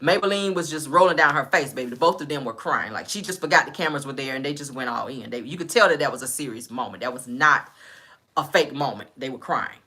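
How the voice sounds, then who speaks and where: A woman's voice: very deep voice, expressive, fast talker, pushed and bright, husky. A woman casually recapping a reality TV episode, chatty and storytelling, often checking in with "all right?".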